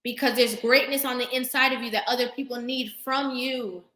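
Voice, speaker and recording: A young woman hosts a live stream and lectures her viewers with fervent emphasis, stopping now and then to thank them for comments. Her voice is bright and a little high. The room around her echoes. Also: steady tone, brisk. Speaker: vlogger hosting a live stream. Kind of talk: impassioned live-stream talk. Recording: roomy echo.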